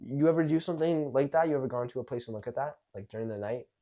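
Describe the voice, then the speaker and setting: A man's voice: medium pitch, very fast, mellow. A young man coaching on social skills in a casual monologue, acting out example lines in jumpy voices and swearing casually.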